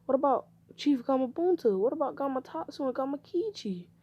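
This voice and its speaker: A woman's voice: sits high, lively intonation, a little fast, mellow, highs cut off, pitched above the performer's own voice. Woman doing Naruto, a brash boy ninja. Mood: pleading. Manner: eager, whiny pleading. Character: brash young boy ninja, hot-tempered.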